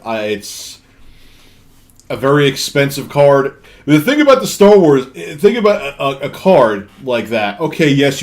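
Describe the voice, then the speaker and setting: Rambling, cussing male streamer. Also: medium pitch. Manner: rambling, profane storytelling with many restarts. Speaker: live streamer. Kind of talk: casual live-stream chat.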